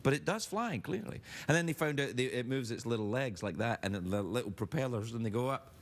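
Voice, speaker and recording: A man's voice: medium pitch, animated, brisk, slight background noise. A man hosting a late-night talk show, bantering and teasing his guest in a playful, joking way. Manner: teasing, playful, jumps between mock voices. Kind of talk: bantering comedic interview.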